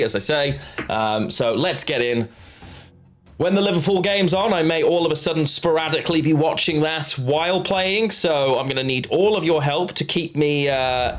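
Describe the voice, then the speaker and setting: A man's voice: fairly high pitch, fairly bright tone. Chatty man streaming a card game. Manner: rambling, chatty, answers chat, frequent restarts. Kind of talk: casual live-stream commentary while playing.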